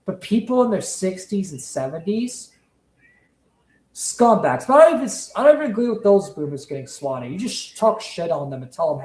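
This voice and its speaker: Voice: mid-range voice, big pitch swings, moderate pace, darkish tone. Profane, emphatic streamer in an echoey room. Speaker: commentary streamer. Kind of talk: heated casual rant.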